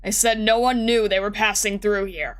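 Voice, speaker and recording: Woman voicing a gruff wary farmer man. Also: mid-range voice, fairly even intonation, normal speed, a bit bright, close to an everyday voice. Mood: grumbling. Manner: gruff, blunt and grumbling. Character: wary, defensive middle-aged male farmer.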